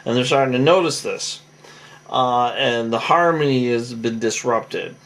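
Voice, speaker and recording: A man's voice: medium pitch, unhurried, vocal fry, fairly bright tone. A tired man recapping a reality show in a rambling, casual monologue full of fillers and restarts.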